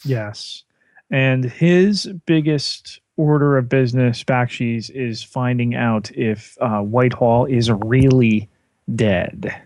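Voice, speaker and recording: Slow-talking man recapping TV scenes. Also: medium pitch, a little mellow, no echo. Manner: unhurried, walks through scenes step by step. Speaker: podcast co-host. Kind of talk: casual TV episode recap chat.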